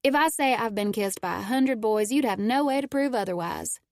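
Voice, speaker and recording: A woman's voice: medium pitch, fairly even intonation, gravelly, mellow, no echo, studio quality. A woman doing a feisty teenage girl. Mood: indignant. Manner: quick, indignant retorts. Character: spirited teenage girl, proud and defensive.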